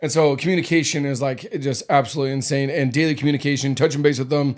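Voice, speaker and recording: A man's voice: medium pitch, fairly even intonation, fast. A man hosting a casual podcast, rambling and restarting his sentences, often repeating words. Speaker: podcast host.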